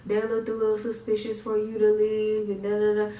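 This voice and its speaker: A woman's voice: mid-range voice, fairly quick, distant mic. A young woman telling a personal story, acting out what people said. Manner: animated retelling, acts out quotes. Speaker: vlogger. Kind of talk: casual storytime. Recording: echoey room, mic set back.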